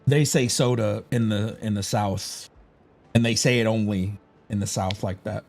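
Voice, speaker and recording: A man's voice: fairly low pitch, fairly even intonation, moderate pace, creaky, a little mellow. Rambling, foul-mouthed man streaming from Chicago. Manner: rambling, profane and opinionated. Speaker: gaming streamer. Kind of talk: casual livestream chat.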